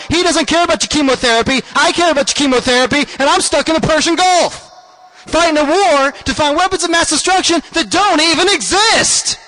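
A man's voice: extremely high pitch, sharp tone, low-quality recording. A man voicing a weary deployed soldier parent who pleads and apologizes to his child.

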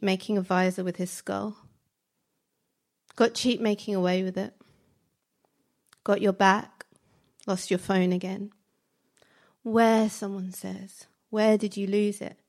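A woman reciting spoken word poetry in slow, measured, fragmented phrases. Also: mid-range voice, a little mellow.

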